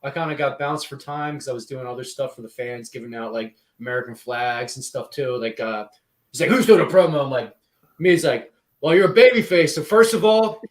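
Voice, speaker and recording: A man tells chatty stories on a podcast, laughing as he goes. His voice carries a roomy echo. His pitch sits in the middle of the male range. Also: a little fast. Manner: chatty storyteller who laughs often. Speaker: podcast co-host and wrestling promoter. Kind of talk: casual podcast chat.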